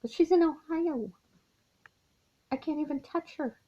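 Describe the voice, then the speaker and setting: A woman's voice: high-pitched, warm tone. A middle-aged woman vlogging from her mother's house, speaking in a weary, heartfelt way and sighing as she confides. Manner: weary, heartfelt, slow confiding talk with sighs. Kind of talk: personal confessional vlog. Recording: dull lo-fi home recording.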